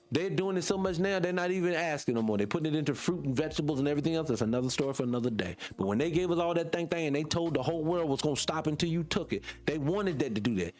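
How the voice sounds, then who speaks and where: A man with a Southern US accent hosting a radio show, talking off the cuff in an animated, preachy way, firing rhetorical questions and swearing casually. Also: on the high side. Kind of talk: off-the-cuff monologue.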